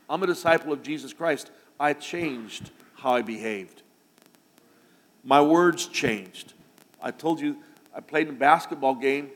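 A man preaching a sermon to his congregation, building to loud, emphatic declarations. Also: medium pitch, long reverb tail. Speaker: pastor. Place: church sanctuary.

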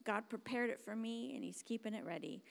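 A woman preaching a sermon, dramatic and emphatic, dropping to hushed whispers and then rising to loud exclamations. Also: fairly high pitch, fairly quick, vocal fry. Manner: emphatic, repeats words for stress.

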